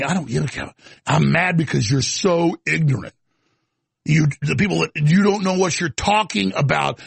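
A middle-aged male radio host with a deeply gravelly, raspy voice that rides high and swoops wildly. He rants in a heated monologue, bursting into shouts and then dropping to mumbled apologies. The sound is close and dry. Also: dry recording. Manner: ranting, swings from shouting to muttered apologies. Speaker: radio talk show host.

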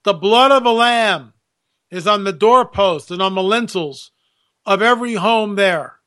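A man's voice: sits high, measured pace, sharp tone. A man hosting a radio show, talking casually and animatedly, restarting his sentences as he goes. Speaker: radio host.

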